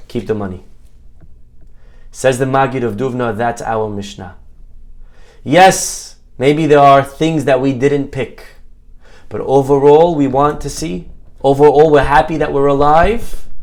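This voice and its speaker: A rabbi giving a Torah talk, telling a parable as an animated, jokey storyteller. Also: male voice, mid-range voice.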